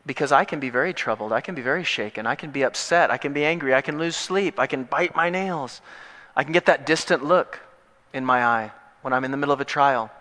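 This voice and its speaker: A man preaching a sermon as pastor, animated and joking, swinging between loud, emphatic points and hushed, intimate asides. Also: medium pitch, brisk, in a large hall.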